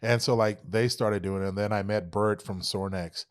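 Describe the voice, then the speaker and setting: Fairly low and brisk, the voice comes from a man in his thirties from Texas. As a podcast guest he tells animated stories in casual conversation, cursing a lot and performing the back-and-forth of what others said.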